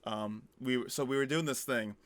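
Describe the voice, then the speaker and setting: A man's voice: mid-range voice, moderate pace, no echo. A young man co-hosting a podcast, telling a story in casual chat and acting out the quotes. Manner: animated storyteller, acts out quotes. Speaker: podcast co-host.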